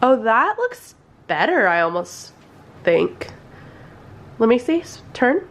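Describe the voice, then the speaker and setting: A woman's voice: fairly high pitch, sing-song, slow pace. A woman chatting casually to her camera at home in a family vlog, rambling with lots of fillers. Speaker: family vlogger. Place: indoors at home near a running dryer.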